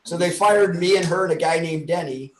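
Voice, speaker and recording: A man's voice: a little high, a little fast, roomy sound, very noisy. A man guest telling a long funny anecdote in casual chat, acting out the dialogue as he goes. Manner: lively anecdotal, acts out dialogue. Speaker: interview guest. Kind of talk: casual storytelling.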